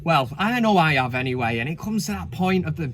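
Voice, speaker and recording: Cheeky, swearing man, slightly high voice. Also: lively intonation, fairly quick, a bit bright, a little hiss or hum. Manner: cheeky, swears freely, chatty asides. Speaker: host. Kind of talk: casual comedic countdown commentary.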